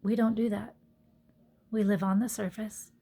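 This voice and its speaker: A woman's voice: medium pitch, flat delivery, a little slow, husky. A woman yoga teacher talking earnestly into her phone in a reflective personal monologue, sometimes dropping to a whisper. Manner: earnest, soft-spoken, drops to whispered asides.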